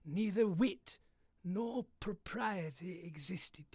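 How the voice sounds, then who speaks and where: A stately English gentleman narrates a gothic tale slowly and theatrically, as a man puts him on. The voice sits a little high and hushed, recorded close and dry with no room sound around it. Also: breathy edge, no room sound, heavily acted. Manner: slow, hushed, theatrical delivery.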